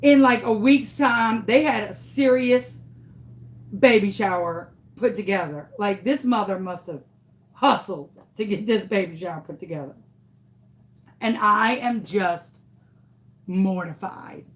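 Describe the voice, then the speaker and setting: A woman's voice: medium pitch, measured pace. A young woman telling a story in a casual, dramatic way, acting out the voices of the people in it. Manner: dramatic, exaggerated retelling with quoted voices. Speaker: craft vlogger.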